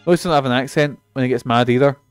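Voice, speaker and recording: A man's voice: medium pitch, rapid-fire, smooth, no echo, faint music behind. A man casually commenting while playing through a story game, with wry, joking asides.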